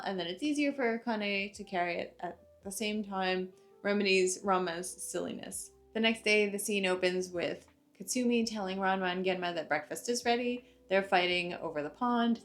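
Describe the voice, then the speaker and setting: Chatty young woman recapping anime. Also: medium pitch. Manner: chatty, uses many fillers like "like" and "uh". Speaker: anime reviewer. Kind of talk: casual recap of an episode.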